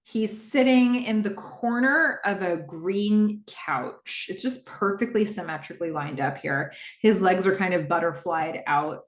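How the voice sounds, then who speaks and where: A woman hosting a podcast, recapping a TV episode in a casual, animated way and quickly acting out the characters' lines. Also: on the low side, echoey room. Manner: animated retelling with quick quoted voices of characters.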